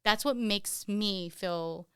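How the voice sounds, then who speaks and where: A woman's voice: medium pitch, slow pace, a bit bright, clear, resonant tone, dry recording, studio quality. A woman who is a parent, speaking candidly and earnestly as a podcast guest, with many "you know" fillers. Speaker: guest, parent of an autistic child. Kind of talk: candid conversational interview.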